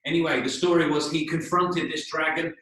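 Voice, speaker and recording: A male English teacher with a fairly high voice tells a story for learners. He explains patiently, spells out words and keeps checking in with "okay?", in a very echoey room with the mic set back from him. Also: fairly even intonation, a little fast, sharp tone. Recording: echoey room, voice a bit distant.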